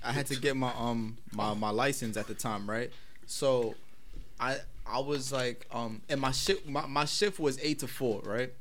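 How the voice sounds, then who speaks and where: A young man, hosting a casual podcast chat, talking haltingly with many fillers and restarts and laughing often. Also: mid-range voice, fairly bright tone. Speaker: podcast host.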